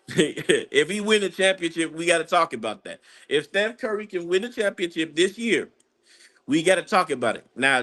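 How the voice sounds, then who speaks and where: A man ranting casually about a basketball game as a fan, rambling and excitable, breaking into high laughing outbursts. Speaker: sports fan commentator. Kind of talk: casual live game-watching rant.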